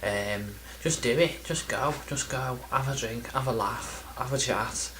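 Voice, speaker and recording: A man talks straight to camera in a loose, rambling vlog, stumbling over words and joking about his own memory. His voice sits at a middling pitch. A faint hum of room ambience sits behind him. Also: unhurried. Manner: rambling, self-deprecating, lots of ums and restarts. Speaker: video game collector vlogger. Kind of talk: casual chatty vlog.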